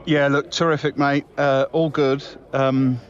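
Chummy bloke leaving a chatty voice note, slightly muffled audio. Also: male voice, mid-range voice, little pitch movement, unhurried. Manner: chummy and breezy, saying mate a lot. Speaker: comedy podcast co-host. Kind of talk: improvised comic voice-message monologue.

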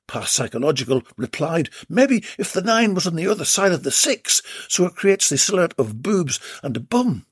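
A man's voice: a little high, big pitch swings, moderate pace, few pauses, slightly rough, dry recording. A man hosting a comic podcast, reading out listener posts and reviews with cheeky, mock-dramatic asides. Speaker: podcast host.

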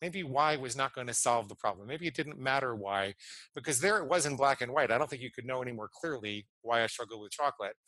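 A man in his fifties speaks as a podcast guest with a bright, forward voice. He tells his story earnestly and often slows down to weigh key words. The sound is close and dry, with no room echo. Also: mid-range voice, lively intonation. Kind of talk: personal storytelling and explanation.

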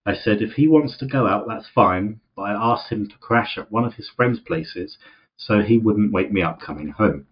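A man's voice: on the low side, normal speed. A young man co-hosting a podcast, reading a post aloud in a jokey way and laughing often. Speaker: podcast co-host. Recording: dull lo-fi audio from the wrong microphone.

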